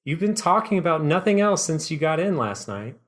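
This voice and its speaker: A man's voice: on the high side, sing-song, brisk, pitched above the performer's own voice. A man voicing an eager middle-aged mother coaxing her child at breakfast, in a raised voice.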